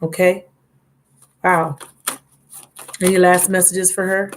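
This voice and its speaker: A woman's voice: fairly low pitch, flat delivery, takes it slowly, slight background noise. A woman giving a live tarot reading, chatty and affectionate, reading card texts aloud. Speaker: tarot reader.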